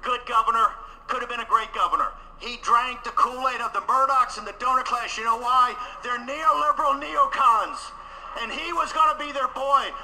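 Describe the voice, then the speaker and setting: Man, fiery rally speech, very high voice, piercing bright tone, shouts for emphasis. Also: moderate pace, poor audio. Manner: fiery, combative, rising to shouts; repeats phrases for emphasis. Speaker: conference speaker.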